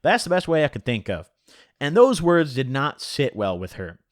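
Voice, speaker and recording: A man's voice: mid-range voice, moderate pace, dry recording, studio quality. A man telling a story in a casual vlog, swearing often and filling his talk with "like". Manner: animated, heavy swearing and filler "like". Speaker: storytelling vlogger.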